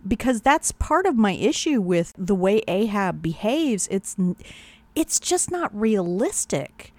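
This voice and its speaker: A woman co-host in casual podcast chat, her pitch swinging widely as she talks at an unhurried pace. She laughs often and swears casually, and her voice sounds close and dry. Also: sing-song, darkish tone, no echo.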